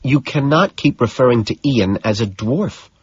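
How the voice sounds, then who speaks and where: Exasperated young society woman voiced by a man, scolding, husky, dull dry recording. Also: mid-range voice, expressive, normal speed, dry recording, voice pushed up. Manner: bitter, scolding, dismissive. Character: young adult woman, sharp, exasperated Manhattan socialite. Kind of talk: audiobook character reading.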